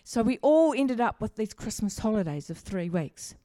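This middle-aged woman pastor has a fairly high, dark-toned voice with big swings in pitch, and she speaks at a moderate pace. Her sermon is chatty and humorous, mixing in personal stories and questions for the congregation. The studio sound is clean, with no echo.

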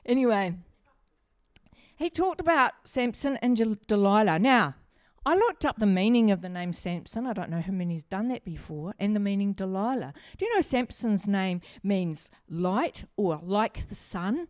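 A middle-aged woman pastor with an animated, darkish mid-range voice preaches at normal speed, recorded dry in a clean studio. Her sermon is chatty and humorous, full of personal stories and questions for the congregation.

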